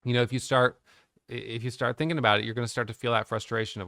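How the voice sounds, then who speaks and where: A man's voice: medium pitch, little pitch movement, very fast, bright, forceful tone, dry recording, studio quality. A middle-aged man, a day trading educator, candidly thinking aloud about his trades, questioning himself and restarting sentences. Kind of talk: reflective trading recap to camera.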